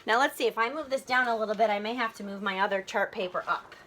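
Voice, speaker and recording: Bright-voiced woman teaching a lesson. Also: mid-range voice, fast talker, a little hiss or hum. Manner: patient, explains step by step with many ums. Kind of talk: recorded classroom lesson for students. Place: classroom. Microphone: phone filming chart paper.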